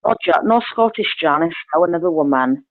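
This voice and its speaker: A woman's voice: deep voice, animated, fairly quick, no echo, phone-quality sound. A woman chatting casually on speakerphone, blunt and swearing freely, laughing often. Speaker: caller on speakerphone. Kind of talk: casual phone chat. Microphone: phone on speakerphone.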